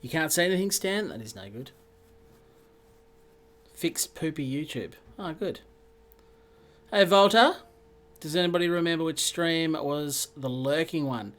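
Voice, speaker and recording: A man with a slightly high voice, hosting a live racing stream. He chats in a loose, relaxed way and calls out viewers from the chat by name. It sounds like a home desk mic setup. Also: unhurried, long pauses.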